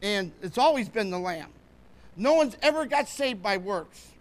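A man's voice: high voice, expressive, measured pace. A man preaching a sermon with fervour, often checking that the congregation is following along.

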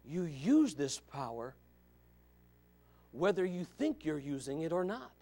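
A male pastor preaching a fiery sermon, swinging from shouts to low asides. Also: sing-song, slow.

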